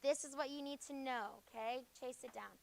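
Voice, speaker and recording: In a classroom, a woman runs a junior high grammar review, firing off quick questions to the class and closing her points with "okay?". Her voice has vocal fry, and the audio is poor.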